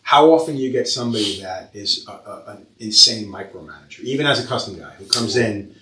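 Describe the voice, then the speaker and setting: Man, fast talker, lowish voice, swears a lot, roomy sound away from the mic. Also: recorded from a distance. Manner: lively storyteller who swears a lot. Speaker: tattoo shop owner and podcast host. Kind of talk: casual podcast chat.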